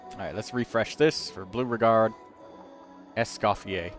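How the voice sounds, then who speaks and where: A man's voice: on the low side, normal speed, faint music behind. A man hosting a game livestream, reviewing viewers' characters in casual, chatty commentary and thinking aloud as he counts numbers.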